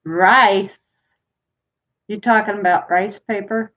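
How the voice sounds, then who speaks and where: Speaking slowly, this livestream trivia host has a medium-pitched, slightly bright voice with fairly even intonation. She runs a casual game, laughing a lot while reading out questions and chatting with her viewers, all over dull lo-fi stream audio.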